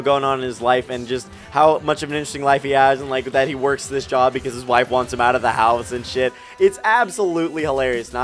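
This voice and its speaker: A young man from Oregon telling a casual, excitable storytime with lots of swearing and filler words. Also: on the high side. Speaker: storytime YouTuber. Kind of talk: casual storytime over gameplay.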